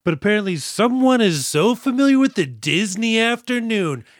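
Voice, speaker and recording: A man's voice: sits high, big pitch swings, moderate pace, no echo, studio quality. Jokey man co-hosting a movie podcast. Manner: jokey, laughs often, acts out lines from the film. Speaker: podcast co-host. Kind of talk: casual movie review banter.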